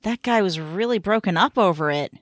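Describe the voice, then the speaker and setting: A woman's voice: medium pitch, expressive, fairly quick, no room sound. A woman co-hosting a podcast, teasing in a dry way and reading the show's plugs. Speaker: podcast co-host. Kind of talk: casual podcast chat.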